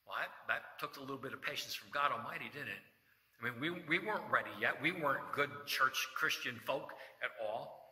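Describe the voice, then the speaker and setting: A man's voice: medium pitch, fairly quick, pushed and bright. A middle-aged male pastor giving a folksy sermon, telling corny jokes and reading scripture. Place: church sanctuary. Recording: echoey church hall reverb.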